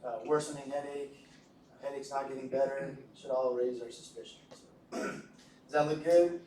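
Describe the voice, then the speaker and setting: A man's voice: medium pitch, steady tone, normal speed, warm tone. Joking male lecturer in an echoey room. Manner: jokey, conversational, asks the class questions. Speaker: medical lecturer. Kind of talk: classroom lecture. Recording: echoey room from a distance with faint noise.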